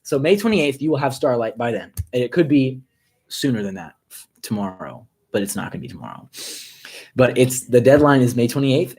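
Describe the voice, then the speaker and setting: Chatty man rambling on a live stream. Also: mid-range voice. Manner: rambling, upbeat and chatty, with quick asides. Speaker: musician hosting a live stream. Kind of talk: casual live-stream chat.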